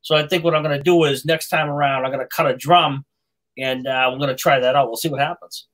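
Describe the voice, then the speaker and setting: A man with a Massachusetts accent hosting a live stream, halting with lots of fillers and restarts. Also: a little high, fairly even intonation, fairly bright tone, poor audio. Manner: halting, many fillers and repeated words. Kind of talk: casual chat.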